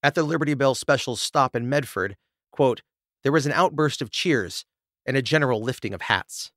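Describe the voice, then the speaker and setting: A man's voice: medium pitch, animated, moderate pace, a bit bright, no echo, studio quality. A man hosting a podcast, reading researched history and then chatting loosely with laughs and stumbles. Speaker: podcast host reading the story. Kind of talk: scripted narration with casual asides.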